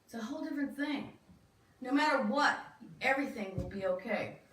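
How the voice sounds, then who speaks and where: A woman's voice: on the high side, expressive, brisk, fairly bright tone. A woman minister giving a sermon in a church, talking conversationally and asking the congregation questions. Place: church sanctuary. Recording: echoey room from far off.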